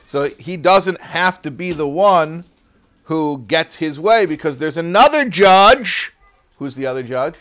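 A man's voice: fairly high pitch, animated, measured pace, fairly bright tone. A man teaching a religious text class in a casual, joking storytelling manner.

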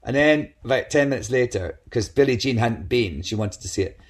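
Man telling animated stories. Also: mid-range voice, brisk. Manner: lively anecdotal storytelling with quoted voices. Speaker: guest. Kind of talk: casual chat.

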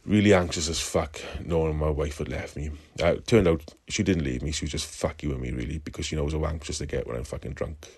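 A man's voice: rumbling low, steady tone, quick pace, hardly any pauses, a little mellow, breathy edge. A Welsh man calling in to tell a rambling story, swearing constantly. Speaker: caller. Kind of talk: recorded call-in story.

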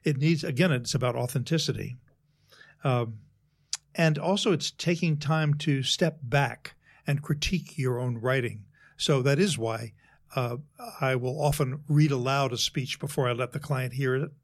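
A man who works as a speechwriter, talking in a measured, explanatory way in an interview and walking through worked examples. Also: medium pitch. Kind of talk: conversational interview.

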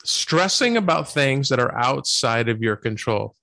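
Male podcast co-host, mid-pitched, steady reader, dry close sound. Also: measured pace, creaky, dry recording. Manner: steady reading voice, brief affirmations. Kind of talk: reading scripture and notes on a podcast.

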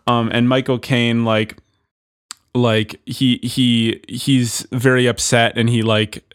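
A man in a mid-pitched voice rambles through a comedy podcast pitch, stumbling and restarting as he goes. He sounds self-deprecating and quick to giggle, and his voice is recorded dry and close. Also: level tone, smooth, dry recording. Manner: rambling, halting storytelling with many restarts. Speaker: podcast host pitching a movie. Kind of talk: casual comedic chat.

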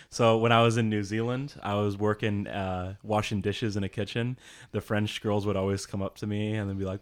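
A man's voice: on the low side, level tone, brisk. A young man in casual podcast chat, talking loosely with many "like"s and acting out quotes. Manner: chatty, full of "like", acts out quotes.

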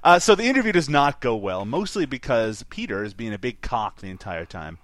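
A man co-hosting a casual podcast movie review, animated and laughing often as he explains details. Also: mid-range voice, fairly quick, no room sound. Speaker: podcast co-host.

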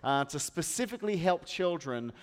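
A man with an English accent delivers a lively sermon, joking with the crowd as he speaks. His voice sits a little high for a man. It rings with a long reverb, as if he is in a big hall. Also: moderate pace. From England. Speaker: pastor.

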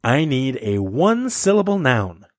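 A man hosting a casual group podcast, upbeat and animated as he runs a word game with friends. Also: mid-range voice, a little slow, no room sound, clean studio sound. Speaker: podcast host.

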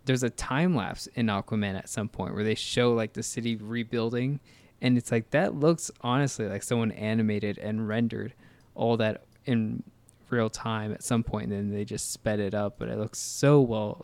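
A man's voice: on the low side, a little mellow, dry recording. A man co-hosting a casual movie commentary chat, rambling and hesitant with many fillers and restarts. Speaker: podcast co-host.

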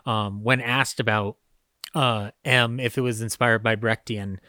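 A man's voice: lowish voice, fairly even intonation, unhurried, bright, forceful tone, dry recording, clean studio sound. A man co-hosting a podcast, talking casually about old films with many fillers and frequent laughs. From United States. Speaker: podcast co-host. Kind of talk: casual film discussion.

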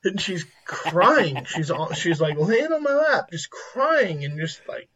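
A man in his thirties casually telling animated stories about his family, acting out their lines. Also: high voice, takes it slowly, a little hiss or hum. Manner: animated anecdotes, acts out family quotes. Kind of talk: casual storytelling chat. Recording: lo-fi muffled audio.

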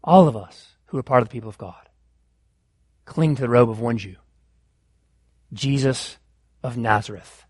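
A man preaching a sermon as pastor of his church, impassioned and rising to loud exclamations. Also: mid-range voice, moderate pace, pauses often, breathy edge, dry recording, studio quality.

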